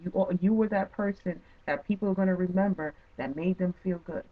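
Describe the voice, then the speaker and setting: Woman host, lowish voice, tinny phone-like sound. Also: brisk. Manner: earnest, affirming, repeats herself. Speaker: talk show host. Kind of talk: encouraging interview talk.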